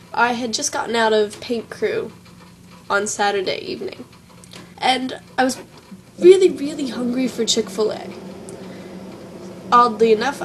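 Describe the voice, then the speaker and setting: On her vlog, a young adult woman with a Southern American accent tells a story in a chatty, wry, self-mocking way. Her voice sits on the high side, and the rough recording has a little hiss or hum.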